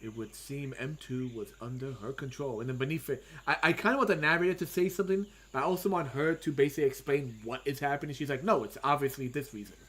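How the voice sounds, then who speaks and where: A man and comic artist giving casual livestream commentary, thinking aloud as he draws with frequent pauses and self-talk. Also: mid-range voice, fairly bright tone, slightly rough. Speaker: comic artist streaming his drawing.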